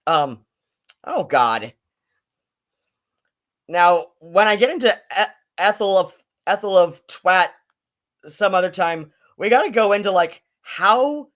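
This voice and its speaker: A man's voice: on the high side, fairly bright tone. A man hosting a casual live-stream commentary, rambling and swearing, with many fillers and restarts.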